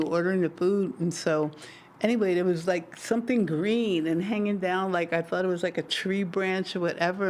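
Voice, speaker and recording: A woman's voice: on the low side, a little mellow, a little hiss or hum. A woman co-hosting a talk show, chatting casually and affirming often. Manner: responsive, frequent affirming murmurs. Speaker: co-host and singer. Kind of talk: casual chat.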